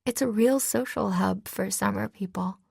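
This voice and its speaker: A woman voicing a cheerful young female sailor in an audiobook, pitched a little higher than her narration. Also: moderate pace, gravelly, darkish tone, husky, no echo, studio quality. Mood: hesitant.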